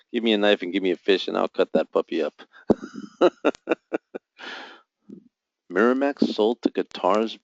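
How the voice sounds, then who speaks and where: Low-voiced man taunting the market live. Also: creaky, dry recording. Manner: mutters and taunts the market, reading off buy and sell volumes. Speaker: forex trader hosting a live forecasting room. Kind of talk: live trading commentary. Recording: dull, dry lo-fi sound.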